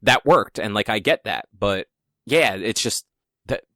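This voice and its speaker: A man's voice: lowish voice, animated, a little slow, pushed and bright, no echo, studio quality. A young man co-hosting a podcast in casual chat, rambling and searching for words with many ums. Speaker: podcast co-host.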